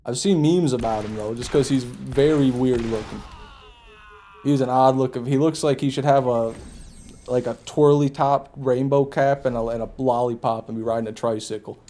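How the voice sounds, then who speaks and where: Mellow-voiced, foul-mouthed gaming streamer. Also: male voice, mid-range voice, steady tone, moderate pace. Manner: profane, joking, laughs at his own jokes; chats with viewers while playing. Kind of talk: casual live gameplay commentary.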